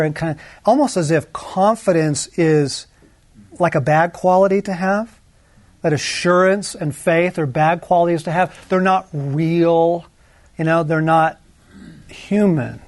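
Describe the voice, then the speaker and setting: A man teaching from the Bible in a relaxed, conversational way, acting out quoted lines with lively jumps in pitch. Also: unhurried, dry recording. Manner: conversational, animated, acts out quotes with shifts in pitch.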